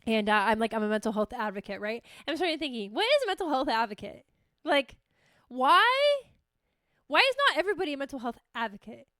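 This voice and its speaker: A woman's voice: fairly high pitch, very animated, fast, a bit bright, no room sound, studio quality. A young adult woman hosting her own podcast, chatting casually and animatedly, swearing freely and acting out her own reactions. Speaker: podcast host. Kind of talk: casual solo podcast chat.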